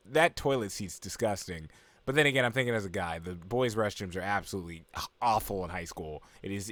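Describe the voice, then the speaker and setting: Young guy, anime reviewer, low voice, loose rambling recap, dry close sound. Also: fairly bright tone, no room sound. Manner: rambling, full of fillers and asides.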